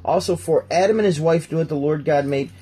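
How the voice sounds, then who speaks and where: Husky man casually reading scripture. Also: on the high side, brisk, warm tone. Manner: jokey, talks while flipping through pages. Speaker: podcast host reading scripture. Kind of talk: casual Bible reading and commentary.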